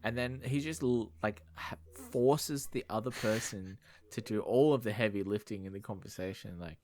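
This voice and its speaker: A man's voice: lowish voice, moderate pace, a little mellow. A man chatting as a podcast co-host about a film, tossing in blunt, wry asides with some swearing. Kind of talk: casual chat.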